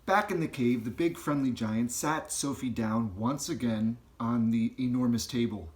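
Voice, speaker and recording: A man narrating a children's storybook aloud in an expressive, unhurried way. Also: mid-range voice. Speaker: audiobook reader.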